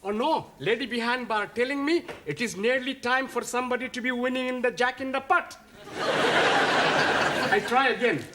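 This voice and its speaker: An actor playing an excitable adult student who speaks quaint, formal English full of -ing verbs in a studio sitcom. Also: male voice, very high-pitched, moderate pace, very noisy. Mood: fretful. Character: excitable male student, stubborn and squabbling.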